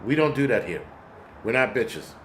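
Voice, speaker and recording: A man's voice: mid-range voice, animated, moderate pace, a bit bright, a little hiss or hum. Angry, profane man ranting. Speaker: host. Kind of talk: casual rant vlog.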